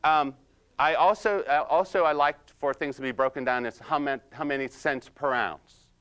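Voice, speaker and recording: A man playing a quiet, precise, nerdy analyzer-type husband in comedic role-play, slow and hesitant with many ums and "you see?". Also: fairly high pitch, smooth, natural voice. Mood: deadpan nerdy. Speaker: personality-styles trainer.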